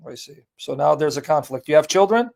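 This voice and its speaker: Man, call-in host, blunt, jokey, casual stream talk, slightly high voice. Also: expressive, a little fast, creaky, a little mellow. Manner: blunt and joking. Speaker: host of a live call-in debate. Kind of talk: casual live-stream chat.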